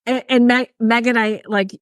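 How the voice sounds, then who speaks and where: A woman's voice: a little high, steady tone, moderate pace, no room sound. Woman co-host, casual friend chat, laughs easily, dry close mic. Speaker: podcast co-host.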